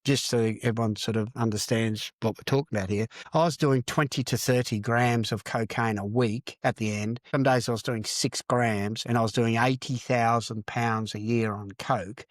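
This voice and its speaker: A man's voice: mid-range voice, fairly even intonation, moderate pace, few pauses, no echo, studio quality. An older Australian man, a podcast guest, telling his story candidly in a blunt, profane way and repeating phrases for emphasis.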